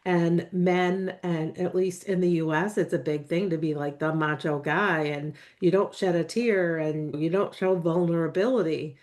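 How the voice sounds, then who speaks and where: A woman's voice: fairly low pitch, moderate pace, few pauses, darkish tone. A woman hosting a podcast interview, affirming and encouraging as she reflects on her guest's story. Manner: encouraging, affirming, backchannels often with mm and yeah. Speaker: podcast host.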